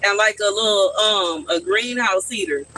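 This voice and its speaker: A man's voice: sits high, normal speed, sharp tone, slight background noise, low-quality recording. A man chatting casually on a live stream from his backyard garden, answering his viewers' questions.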